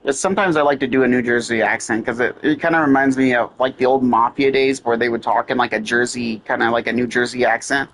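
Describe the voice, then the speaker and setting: A man's voice: medium pitch, steady tone, quick pace, few pauses, fairly bright tone, a little hiss or hum. A man giving casual gameplay commentary, profane and sarcastic, irritated at the game characters. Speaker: gamer playing and commenting.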